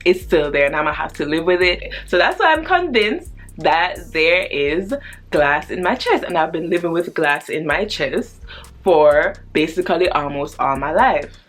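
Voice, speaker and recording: A woman in her twenties telling a personal story on her casual vlog, animated and chatty, with slang and swearing. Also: low voice, normal speed, soft background music. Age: 20s.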